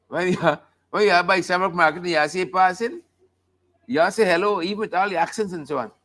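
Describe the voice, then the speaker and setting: A man's voice: sits high, moderate pace, fairly bright tone. A man hosting a live talk show, joking and commenting on the news in a playful, casual way. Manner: joking, playful, sings snippets and laughs often.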